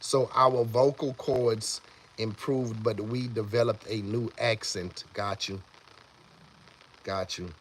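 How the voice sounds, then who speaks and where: A man's voice: lowish voice, fairly even intonation, slow pace, a little hiss or hum. Rambling man chatting on a live stream. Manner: rambling, with many restarts and repeated words; greets chat viewers by name. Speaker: livestream host. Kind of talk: casual live-stream chat with viewers.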